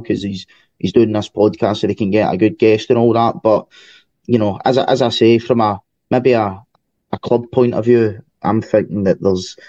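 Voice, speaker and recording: Scottish man, football fan podcast co-host, relaxed chat, mellow voice, dull dry recording. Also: lowish voice, no echo. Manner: relaxed, filler-heavy chat.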